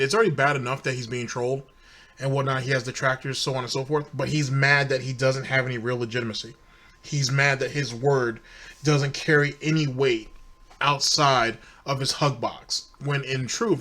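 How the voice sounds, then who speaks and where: Guy hosting a commentary show, dry sarcastic take, bright pushy voice. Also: mid-range voice, fairly even intonation, moderate pace. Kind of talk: mocking commentary.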